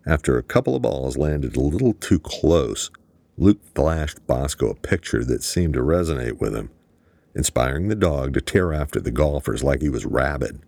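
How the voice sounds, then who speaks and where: A male audiobook narrator with a very low, gravelly voice. He keeps a steady, matter-of-fact pace through the story. The recording is dry and close. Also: normal speed, no room sound. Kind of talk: scripted narration.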